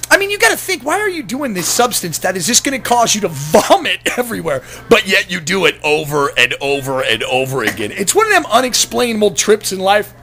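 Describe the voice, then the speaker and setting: A man's voice: sits high, big pitch swings, fairly quick, creaky, few pauses, pushed and bright. A man telling a long personal story in a casual, rambling vlog, swearing freely and breaking into laughter as he goes. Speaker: vlogger.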